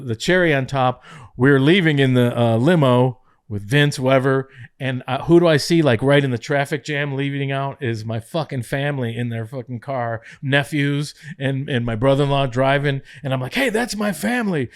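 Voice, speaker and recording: A man's voice: mid-range voice, clean tone, no echo, clean studio sound. A middle-aged man, a former head writer, telling a backstage story in casual podcast chat, swearing freely and acting out quotes.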